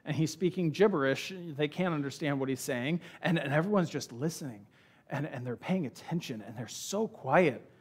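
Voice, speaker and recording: A male pastor delivers a sermon in a casual, conversational way, speaking a little higher than most men. He turns the scripture passage into a lively story and acts out the characters' lines as he goes. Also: moderate pace, husky. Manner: conversational, animated storytelling with acted-out quotes. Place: church.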